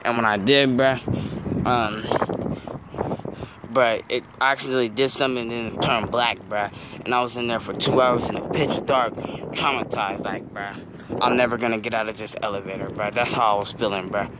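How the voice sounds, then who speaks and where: Teenage boy, casual storytime, heavy slang, "bro" every few words, middle-pitched voice, loud traffic noise behind. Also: fairly even intonation, normal speed. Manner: slangy, says "bro" after nearly every phrase.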